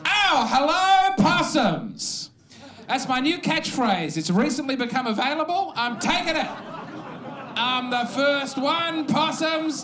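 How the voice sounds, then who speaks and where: On a comedy club stage, a man from Adelaide with an Australian accent performs stand-up that is wry and self-deprecating, punctuated by bursts of mock outrage. His voice is extremely high-pitched.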